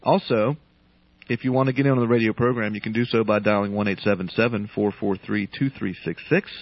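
A man hosting a call-in radio talk show, relaxed and chatty, with frequent restarts and light puns. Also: lowish voice, fast. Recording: dull lo-fi radio broadcast.

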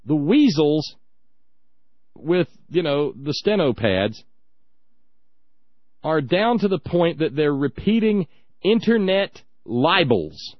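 A man's voice: on the high side, dry recording, muffled recording. Sarcastic ranting male radio host. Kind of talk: talk radio monologue.

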